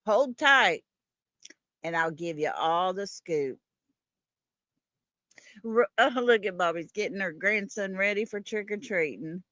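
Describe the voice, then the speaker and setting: A woman's voice: mid-range voice, slow, pauses often, pushed and bright, no room sound. A woman hosting a livestream, greeting viewers one by one in a folksy way. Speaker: livestream host. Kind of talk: casual livestream chat.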